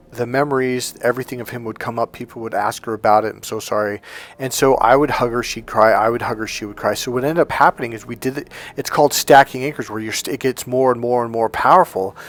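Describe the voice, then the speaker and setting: A man's voice: medium pitch, fairly quick. A man speaking as a dating coach in a persuasive, emphatic monologue to his viewers. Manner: emphatic, persuasive, acts out quoted voices.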